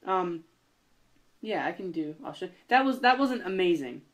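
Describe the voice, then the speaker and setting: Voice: mid-range voice, lively intonation, normal speed. A young adult podcast host chatting casually, rambling with many fillers and self-corrections. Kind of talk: casual chat.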